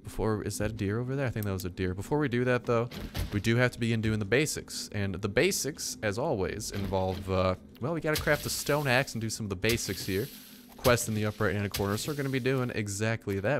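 Young male gaming commentator, lowish voice, chatty and rambling, faint background hum. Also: fast talker. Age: young adult. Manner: chatty, rambling, self-mocking. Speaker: gaming YouTuber. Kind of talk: casual let's-play commentary.

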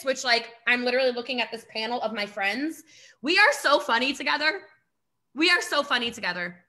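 A high-pitched woman with a bright, ringing voice gives a motivational talk over a video call. She speaks with punchy emphasis, laughs often and slips into mock voices. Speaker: network marketing coach.

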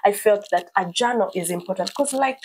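A woman's voice: mid-range voice, brisk, breathy edge, poor audio. A woman giving an earnest, hesitant personal testimony as a guest in an interview. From Kenya. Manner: soft-spoken, hesitant, earnest. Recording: faint background noise.

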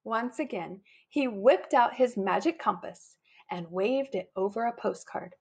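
A woman reading a children's picture book aloud, bringing the characters' lines to life with lively put-on voices. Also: medium pitch, unhurried, slightly rough. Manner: animated, putting on lively character voices for quotes. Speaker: storybook reader.

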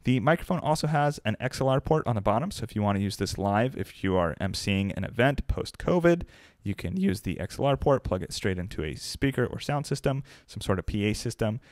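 A young man giving an upbeat, conversational product review to camera from his home desk, speaking close into a desk mic on a boom arm. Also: no room sound. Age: young adult. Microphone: dynamic desk mic on a boom arm, close.

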